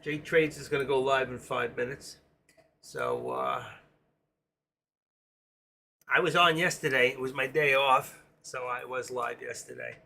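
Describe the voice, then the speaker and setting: A middle-aged New York man rambles casually through a live trading stream and reads viewer comments aloud. His voice is gravelly and bright, with a faint hiss of background noise. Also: mid-range voice, measured pace, pauses often.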